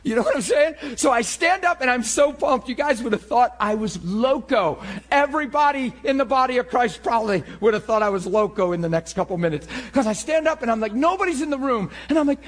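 A man preaching and telling his own story in a sermon, with animated storytelling that rises to shouts. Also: very high-pitched, fairly quick, few pauses. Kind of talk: sermon testimony.

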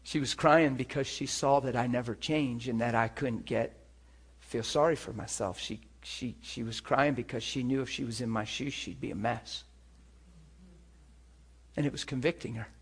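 A man's voice: medium pitch, fairly even intonation, moderate pace, husky. A man preaching a sermon, telling an earnest testimony to his church with emphatic rhetorical questions. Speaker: pastor.

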